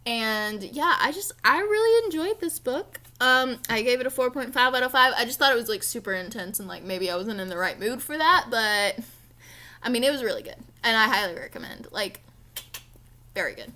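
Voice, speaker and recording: A woman's voice: a little high, expressive, normal speed, sharp tone. A young woman chatting casually about books she read, gushing and playful, with lots of fillers. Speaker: book vlogger. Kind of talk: casual book review chat.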